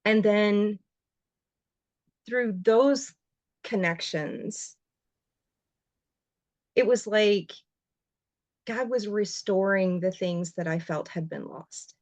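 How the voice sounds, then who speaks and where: A woman, a writer and journalist, telling her story as a guest on a podcast interview, heartfelt and expressive, her voice leaping up when she gets emotional. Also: very slow, pauses often, dry recording. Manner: voice jumps high when emotional.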